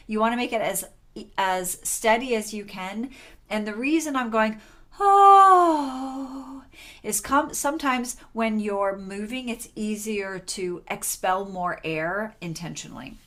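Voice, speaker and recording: A young adult woman teaching a singing lesson in a relaxed, chatty way, with sung demonstrations between explanations. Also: medium pitch, measured pace.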